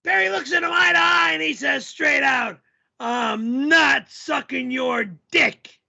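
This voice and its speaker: A man putting on a loud, yelling middle-aged male character and telling a rambling story full of shouting and swearing. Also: very high voice, brisk, vocal fry, dull audio, pitched above the performer's own voice, exaggerated voice. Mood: ranting. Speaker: show host.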